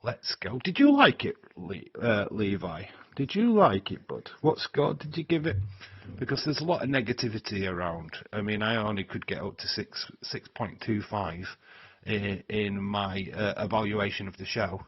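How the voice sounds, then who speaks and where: A man's voice: fairly low pitch, moderate pace, husky. Blunt, swearing man on a dull mic. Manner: blunt, swears freely, laughs at his own jokes. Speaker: streamer hosting a watch-along. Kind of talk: casual live-stream chat reading viewers' comments.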